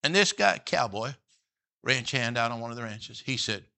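A man's voice: mid-range voice, lively intonation, normal speed, gravelly, sharp tone. A middle-aged man preaching a sermon as pastor, folksy and joking, often checking in with "all right?" and "you know".

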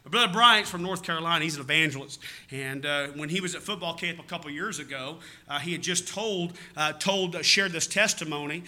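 A man's voice: on the high side, brisk, pushed and bright. A man with a Southern American accent preaching a sermon in a folksy, rambling way, often calling out "amen?" to his church. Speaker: pastor.

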